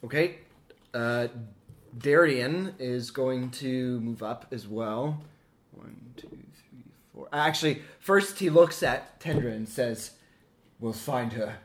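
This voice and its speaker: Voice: medium pitch, slow pace. A player in a tabletop game who talks casually and methodically counts out steps and dice aloud.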